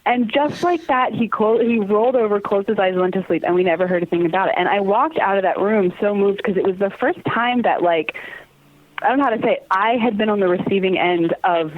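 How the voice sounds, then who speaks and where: A woman's voice: medium pitch, brisk, no room sound. Earnest woman on a tinny phone line. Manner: earnest and animated, laughs often, acts out quoted voices. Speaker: guest, theater company communications manager. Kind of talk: casual interview chat.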